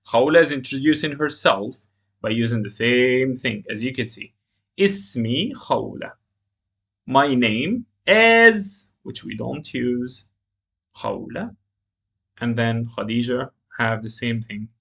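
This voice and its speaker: A man's voice: medium pitch, fairly bright tone. A man teaching a beginners' language lesson, explaining grammar step by step and reading example phrases aloud. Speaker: Arabic teacher.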